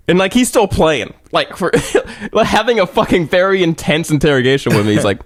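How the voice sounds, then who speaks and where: A man's voice: on the high side, lively intonation, a little fast, few pauses, dry recording, studio quality. A young man co-hosting a podcast, telling a rambling, profane story in casual chat. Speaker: podcast co-host.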